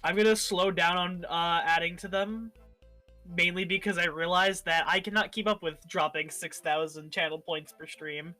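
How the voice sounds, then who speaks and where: A man's voice: high-pitched, fairly even intonation, normal speed, pushed and bright, soft background music. A man, the game master, chatting casually with his players before a session. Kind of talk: casual stream chat.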